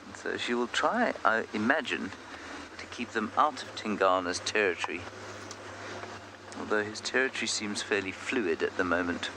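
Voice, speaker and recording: A man's voice: fairly low pitch, moderate pace. A man working as a safari guide, giving chatty, self-deprecating commentary on a live game drive from an open vehicle outdoors. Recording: outdoor noise from a moving vehicle.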